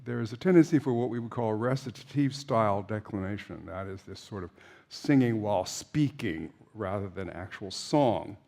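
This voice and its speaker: A man's voice: lowish voice, animated, normal speed, gravelly, a little mellow. An older man giving an informal opera lecture to a class, chatty and anecdotal, with frequent fillers and restarts.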